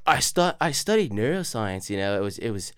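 A man's voice: on the high side, animated, quick pace, natural voice. A man voicing an arrogant, name-dropping British man in a put-on British accent, talking down to people. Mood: smug boasting. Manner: condescending, boastful.

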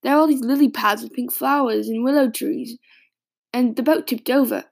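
A woman voicing an adult British man, a longtime smoker with a raspy voice, who reads his childhood diary in a hesitant, rambling audio drama monologue. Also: a little high, normal speed. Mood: reading aloud. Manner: hesitant, rambling, many restarts.

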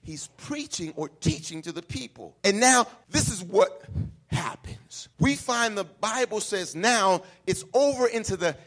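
Husky, lively preaching man. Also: sits high, unhurried. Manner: swings from quiet to shouted, sing-song preaching. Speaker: pastor. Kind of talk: sermon.

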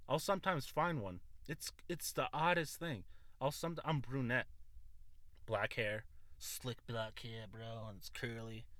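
Young male podcaster, bright dry voice, rambling and swearing, close mic. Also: lowish voice, no room sound. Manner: rambling, self-mocking, swears often. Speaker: podcast host.

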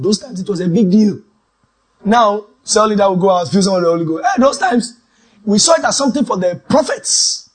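A man preaching a sermon testimony, dramatic, swinging from shouted lines to hushed asides. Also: high-pitched, breathy edge.

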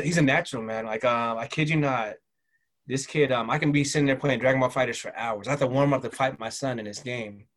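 Chatty Southern-raised man, loose and casual. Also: mid-range voice. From Southern United States. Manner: loose and chatty, full of fillers and "bro", lively when quoting people. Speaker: guest, military father. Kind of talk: casual conversational storytelling.

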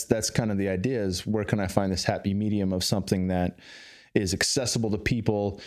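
A man from the Bay Area in California, a podcast guest talking casually and at length, loose and rambling with fillers and restarts. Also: lowish voice. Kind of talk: casual conversation.

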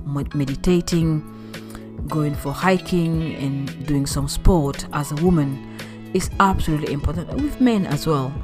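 A woman hosting a podcast interview, effusive and encouraging, full of praise for her guest. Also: low-pitched. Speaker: podcast host.

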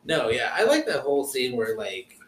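A man's voice: mid-range voice, normal speed. Rambling, profane man in an echoey room. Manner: relaxed, rambling, swears freely. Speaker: podcast co-host. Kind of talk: casual chat. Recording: roomy echo with faint noise.

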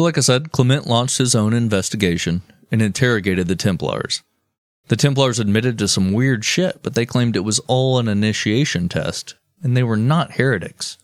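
A man's voice: medium pitch, no echo, clean studio sound. A man hosting a casual podcast, telling history in a profane, jokey way. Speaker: podcast host.

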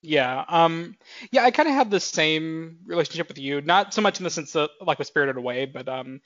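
A young man in his twenties chatting casually as a podcast co-host, his voice sitting a bit high for a man. He rambles, restarts and pads with fillers. The audio is dry and a little dull, with no room sound. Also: expressive, brisk, a bit bright, dry recording. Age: 20s. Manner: rambling, filler-heavy, self-correcting. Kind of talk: casual chat.

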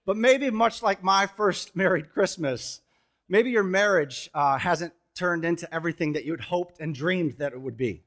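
A man preaching a sermon on a church stage, telling stories with jokes and sudden loud bursts. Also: high voice, normal speed. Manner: animated, joking storyteller with sudden loud bursts. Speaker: pastor. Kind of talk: sermon with storytelling. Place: church stage before a congregation.

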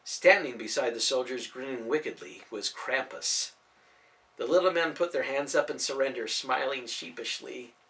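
A man narrating a storybook audiobook in an expressive, animated reading. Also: mid-range voice, moderate pace.

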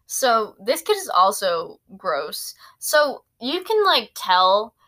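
A woman's voice: medium pitch, big pitch swings, slow pace, bright, forceful tone. A teenage girl hosting a podcast, rambling and giggly with lots of fillers. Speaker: podcast host. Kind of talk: casual chat.

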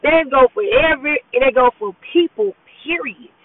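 A podcast host gives a casual, blunt, profane pep talk while driving, her voice high-pitched and brisk. She keeps saying "you know what I'm saying," and the audio is thin and tinny, like a phone voice message.

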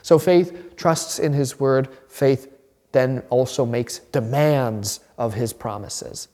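A man's voice: medium pitch, slow, warm tone. A man teaching as a pastor in a conversational, informal sermon, acting out little voices in his examples. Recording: reverberant hall.

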